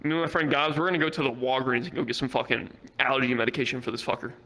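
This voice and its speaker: A man's voice: medium pitch, racing, sharp tone, poor audio. A young man doing stand-up at a virtual comedy club, telling a rambling, profane story full of fillers.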